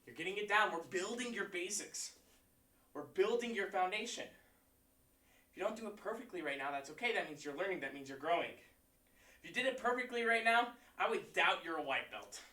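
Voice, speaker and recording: Lively, bright-voiced martial arts instructor. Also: male voice, sits high, a little fast. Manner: energetic, counts out moves and shouts kiai; encouraging, pep-talk delivery. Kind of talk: leading a livestream class. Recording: echoey room, voice far from mic.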